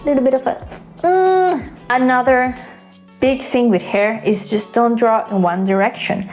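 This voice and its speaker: A woman's voice: on the high side, a little slow, darkish tone, soft background music. A woman hosting a casual drawing tutorial, chatty and playful, with self-mocking asides. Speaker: art tutorial host.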